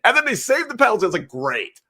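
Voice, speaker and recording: A man's voice: extremely high pitch, very animated, rapid-fire, pushed and bright, husky. A man co-hosting a casual sports podcast, telling frustrated stories and acting out his own reactions. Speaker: podcast co-host.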